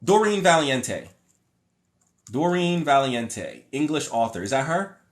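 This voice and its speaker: A man's voice: fairly high pitch, sing-song, a little slow. A young adult man hosting a casual livestream, reading viewer comments aloud and reacting to them in a rambling, opinionated way with many fillers and restarts. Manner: mocking voices when paraphrasing others. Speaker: livestream host.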